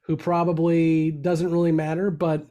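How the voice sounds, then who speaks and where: A man's voice: a little high, flat delivery, moderate pace, warm tone. A man hosting a podcast panel, handing the talk to each guest and teasing them lightly. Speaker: podcast host. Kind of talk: casual podcast chat.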